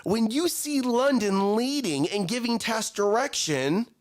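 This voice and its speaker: A man in his thirties co-hosting a morning talk show, speaking casually in an animated, coaching way and often repeating his words. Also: extremely high pitch, measured pace. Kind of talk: casual chat.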